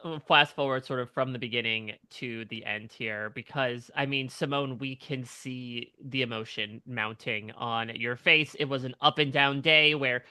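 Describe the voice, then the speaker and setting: A man's voice: medium pitch, fairly even intonation, moderate pace, few pauses, pushed and bright, smooth. A man interviewing two contestants about a race episode, recapping events in a conversational way with frequent fillers. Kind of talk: entertainment interview.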